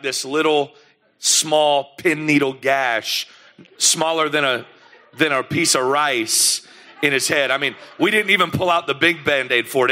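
Preacher guy telling family stories, lively and animated, bright ringing voice. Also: a little high. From United States. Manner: animated, lively storyteller who acts out scenes. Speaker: pastor. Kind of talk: sermon storytelling.

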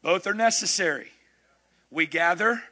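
A man preaching a sermon, emphatic, building his lists up to shouts. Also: high voice, animated, unhurried.

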